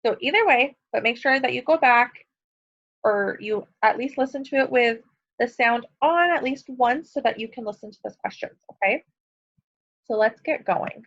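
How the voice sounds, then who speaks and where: A woman's voice: fairly high pitch, a bit bright. Woman teacher reading aloud to kids. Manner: pauses to ask questions and explain. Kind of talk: reading a picture book aloud to students. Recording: dull lo-fi recording.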